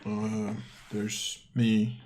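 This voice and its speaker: A man speaks in a lowish voice, in character at a tabletop game. He talks slowly, with long pauses, and hesitates often, filling the gaps with small sounds as he searches for his words. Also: monotone, a little mellow. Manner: hesitant, halting with many fillers. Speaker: player. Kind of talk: in-character tabletop role-play.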